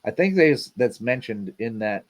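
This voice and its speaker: A man's voice: mid-range voice, very animated, unhurried. Rambling laid-back man hosting a livestream. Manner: rambling, repeats himself, lots of fillers. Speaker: livestream host. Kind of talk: casual livestream chat.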